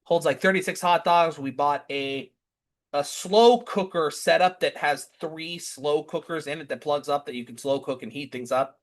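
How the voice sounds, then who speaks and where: A man's voice: fairly high pitch, normal speed. A man chatting casually through a family update, rambling and often restarting and correcting himself mid-sentence. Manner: chatty, easily amused. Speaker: vlogger.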